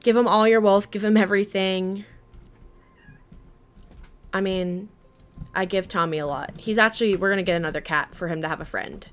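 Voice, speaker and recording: A woman's voice: on the low side, normal speed, pauses often, fairly bright tone. Chatty young woman streaming a game. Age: 20s. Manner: chatty, talks to her cat and reads chat. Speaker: gaming streamer. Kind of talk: casual live stream chat while playing.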